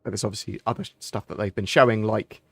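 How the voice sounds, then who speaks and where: A man's voice: lowish voice, fairly even intonation, fast, vocal fry, husky, dry recording, faint music behind. A man hosting a casual livestream Q&A, answering chat questions in a rambling, chatty way with frequent ums and restarts.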